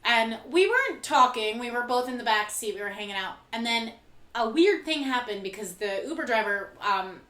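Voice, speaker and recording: A higher-voiced woman chats on a comedy show, her tone bright and sharp, full of quick asides. The room around her echoes. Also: animated. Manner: chatty, quick reactions, lots of "like". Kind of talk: casual chat, storytelling.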